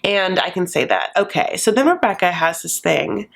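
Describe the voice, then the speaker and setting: A woman's voice: lowish voice, sing-song, normal speed, vocal fry, fairly bright tone. A woman hosting a YouTube recap channel, giving casual, sassy commentary full of campy, gossipy asides.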